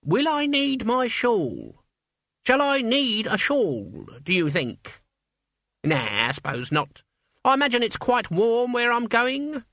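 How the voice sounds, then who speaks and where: A frail old witch woman, as a man reads her, brisk and fussy in a matter-of-fact way. Her voice rides high and swings widely, with a bright, sharp edge. The sound is dry and close. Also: very animated, dry recording, full character voice. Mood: calm. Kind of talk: audiobook character voice.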